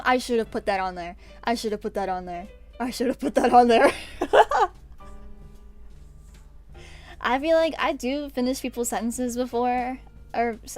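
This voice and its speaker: A young woman streamer from America chatting casually, rambling and getting exasperated with bursts of laughter. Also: fairly high pitch. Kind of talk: casual stream chat ranking pet peeves.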